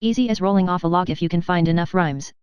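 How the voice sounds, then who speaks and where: Hushed solemn older cousin, as a woman narrator reads him, storybook, low pitch, dull dry sound. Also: quick pace, clear, resonant tone, no echo, lightly acted. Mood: conspiratorial. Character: odd, kindly, secretive older male cousin.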